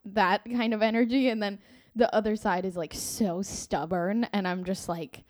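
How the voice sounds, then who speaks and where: A woman's voice: medium pitch, moderate pace, dry recording. A woman with a mid-range voice, recorded dry and close, chatting casually. She acts out her quoted lines with energy. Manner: animated, acts out quotes with laughter. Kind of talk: casual podcast chat.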